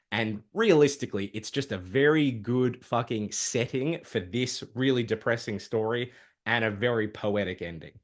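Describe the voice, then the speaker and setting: A man casually recapping a dark comic book story, swearing freely and throwing in sarcastic asides. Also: lowish voice. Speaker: comic book video host.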